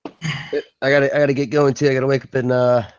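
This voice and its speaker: A man in a casual group chat cracking dry, deadpan jokes. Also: mid-range voice, a little fast, lo-fi sound, slight background noise.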